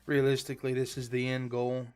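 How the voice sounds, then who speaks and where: A laid-back man chats to his viewers while streaming a game, wandering from point to point with plenty of ums and you-knows. His voice is smooth and clear at an ordinary middle pitch. A quiet music bed plays under his desk-mic talk. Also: steady tone, moderate pace. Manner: rambling, filler-heavy, laid-back. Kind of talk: casual live-stream chat. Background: faint background music.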